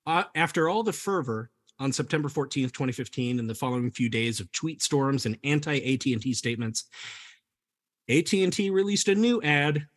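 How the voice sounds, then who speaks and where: A man's voice: mid-range voice, lively intonation, normal speed. Laughing man reading out a story. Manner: reads researched facts, laughs easily. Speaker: podcast host presenting the story. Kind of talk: comedic storytelling podcast.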